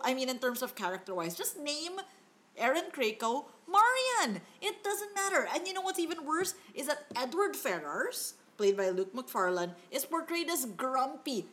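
A woman's voice: sits high, fairly bright tone. A woman co-hosting a casual movie review chat, exasperated and swearing freely as she rants. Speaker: podcast co-host.

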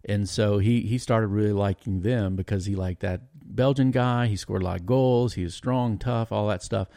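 A man talking as a podcast guest, telling stories in a rambling, animated way with lots of restarts. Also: fairly low pitch, moderate pace, vocal fry, no room sound, studio quality. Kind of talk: casual storytelling chat.

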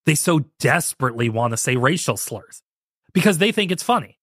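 A man's voice: on the high side, very animated, a little fast, a bit bright, no echo, clean studio sound. A man hosting a podcast, giving sarcastic commentary and mocking impressions in a casual, ranting way. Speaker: podcast host.

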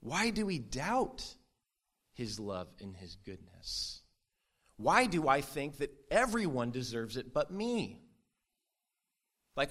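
A man's voice: medium pitch, very animated, slow pace, pauses often, a bit bright. A man preaching a sermon in an earnest, conversational way, with sudden rises for emphasis. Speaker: pastor.

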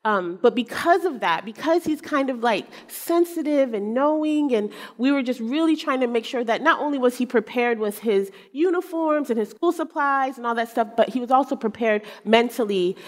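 A middle-aged woman preaches through a personal story with earnest, heartfelt telling and bits of her son's voice. Her voice sits fairly high, and her words ring out with long reverb in a large hall. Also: expressive, normal speed, hardly any pauses. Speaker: speaker giving a church talk.

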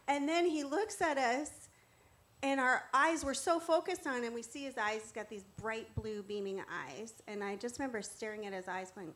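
A middle-aged woman telling a faith testimony in an animated way, acting out the quotes and laughing often. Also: fairly high pitch, moderate pace. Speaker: guest sharing testimony. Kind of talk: storytelling testimony.

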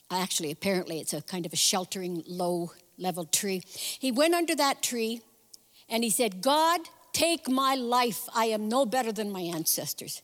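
A woman giving a conversational sermon, telling a story in an animated way and acting out the voices in it. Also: medium pitch. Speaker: speaker at a church women's event. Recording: long hall reverb.

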